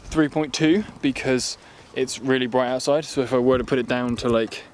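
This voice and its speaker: A man's voice: medium pitch, steady tone, moderate pace, slight background noise. An English man casually reviewing a camera lens in a rambling, jokey, sweary vlog chat.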